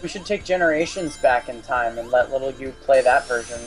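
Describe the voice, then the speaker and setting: A man's voice: mid-range voice, brisk. A young man joins the commentary over a voice call, chatty and easy to laugh, spinning out long explanations. Faint game music plays beneath his voice. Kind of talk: casual gaming commentary.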